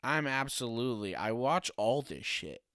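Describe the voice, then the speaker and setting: A man's voice: mid-range voice, sing-song, normal speed, a bit bright, no room sound, clean studio sound. A young man hosting a casual solo podcast, ranting with sarcasm and swearing and laughing often. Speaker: podcast host.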